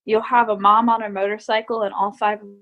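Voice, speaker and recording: A woman's voice: mid-range voice, flat delivery, a little fast, narrow, tinny audio. A young woman guest, a teacher and musician, telling casual stories in an informal, giggly way. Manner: giggly, informal, lots of likes. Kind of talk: casual storytelling in an interview.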